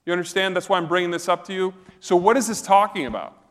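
A man delivers a sermon in a church, his voice sitting a little high for a man. He preaches in an earnest, conversational way and keeps asking the congregation questions. A long reverb from the hall trails after his words. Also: fast talker, fairly bright tone. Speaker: pastor.

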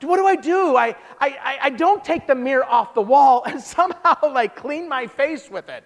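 Male preacher, sermon, very high voice, emphatic, rhetorical questions, long hall reverb. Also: animated, normal speed.

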